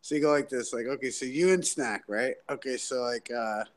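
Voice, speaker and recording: A man joining a casual livestream chat, rambling excitedly with many filler words. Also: medium pitch, brisk. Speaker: guest.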